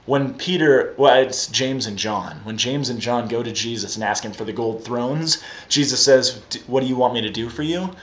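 A man delivering a sermon with animated storytelling, acting out each speaker's lines. His voice sits at an ordinary middle pitch. The room around him is echoey. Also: normal speed. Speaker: preacher.

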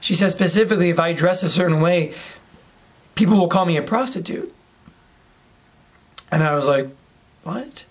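A male priest gives a homily in a relaxed, conversational way, telling a story and acting out both sides of the dialogue. The recording sounds slightly muffled and lo-fi. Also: on the high side, moderate pace, long pauses.

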